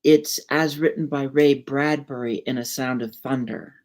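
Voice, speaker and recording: A woman's voice: very deep voice, steady tone, normal speed, a little mellow. A woman hosting a podcast, musing and telling stories in casual conversation, often restarting her phrases. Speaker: podcast host.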